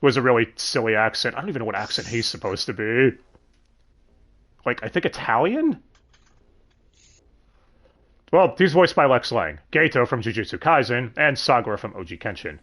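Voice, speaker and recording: A man hosting a casual livestream chat, animated, swearing freely and laughing often. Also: mid-range voice, a little fast. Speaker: podcast host.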